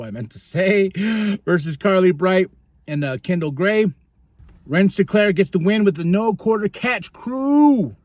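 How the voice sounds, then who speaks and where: A fairly high-voiced man chats through a casual podcast recap, excitable and quick to laugh. He acts out quotes as he goes. The sound is dry and close to the mic. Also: no room sound. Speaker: podcast host.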